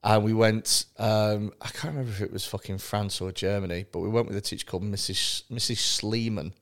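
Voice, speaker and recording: A man's voice: lowish voice, steady tone, brisk. Blunt, sweary man chatting. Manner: blunt, sweary, jokey storytelling. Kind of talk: casual chat.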